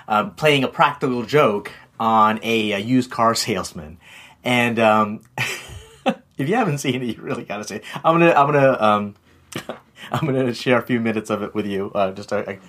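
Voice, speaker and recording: A man's voice: fairly low pitch, a bit bright. Chuckling, rambling man. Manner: rambling, chuckling, hesitant with many restarts. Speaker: marketing vlog host. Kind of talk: casual talking-head tip video.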